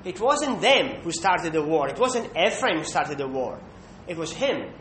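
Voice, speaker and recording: High-voiced man preaching in an echoey room. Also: big pitch swings, measured pace, a bit bright. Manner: emphatic, with rhetorical "Hmm?" checks. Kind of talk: sermon. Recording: echoey room with faint rumble.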